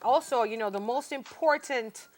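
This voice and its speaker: A woman in her forties with a Jamaican accent, co-hosting a morning TV show in a lively, playful way and slipping into patois. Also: a little high, moderate pace. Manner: animated, playful, switches into patois. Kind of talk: lively studio chat and news reading. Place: TV studio.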